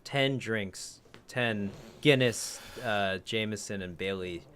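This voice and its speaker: A man's voice: on the low side, slow, a bit bright. A man co-hosting a casual podcast, telling a rambling story that he keeps correcting as he goes. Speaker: podcast co-host. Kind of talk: casual chat.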